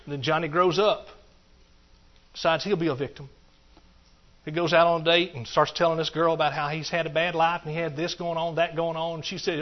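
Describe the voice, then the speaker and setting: This sermon is delivered a little fast by a man with a fairly high voice and a level tone. He repeats phrases in a rhythmic build, interjecting hallelujahs, and the recording comes across muffled and dull.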